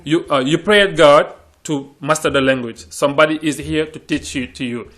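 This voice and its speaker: A man's voice: fairly high pitch, normal speed, a bit bright. A man from Senegal, an English teacher talking earnestly in a panel discussion and often repeating words as he searches for phrasing.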